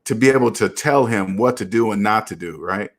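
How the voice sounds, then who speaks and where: A man's voice: lowish voice, a little fast. A man hosting a casual live stream, reading viewer comments and lecturing earnestly about debt. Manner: earnest, preachy, animated. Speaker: channel host.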